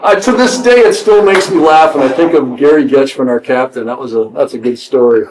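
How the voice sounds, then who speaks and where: Middle-aged man spinning an animated anecdote, voice on the high side. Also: brisk, few pauses, crowd noise, rough recording. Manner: lively, animated storyteller. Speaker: former player telling a story. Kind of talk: casual storytelling.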